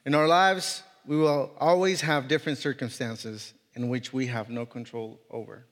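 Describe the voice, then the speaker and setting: A man in his thirties, a guest speaker, preaches a sermon and earnestly tells a personal story, often stopping and restarting. His mid-range voice holds a steady tone, and the recording has a long reverb tail.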